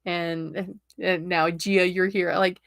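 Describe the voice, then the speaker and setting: A woman's voice: on the low side, little pitch movement, slow pace, vocal fry, no echo, clean studio sound. A middle-aged woman from Florida, a tarot reader chatting casually on her livestream and laughing often.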